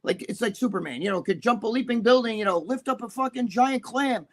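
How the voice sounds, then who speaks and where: A middle-aged man talks in a fairly high voice, rambling through stories full of profanity. He sounds like a co-host on a loose, casual live-stream chat. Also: lively intonation, brisk, fairly bright tone.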